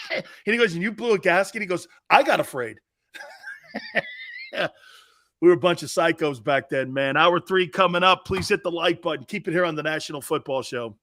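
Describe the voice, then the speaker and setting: Rowdy, laughing sports talk host. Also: male voice, on the high side, no room sound, clean studio sound. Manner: loud, laughing, rowdy storyteller who swears. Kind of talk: animated sports talk storytelling.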